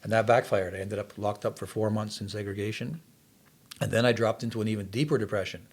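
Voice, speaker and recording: An older man from Canada tells his personal testimony in a relaxed interview, speaking earnestly and at a brisk clip. His voice sits somewhat low, and he lets the story carry him along. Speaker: podcast guest.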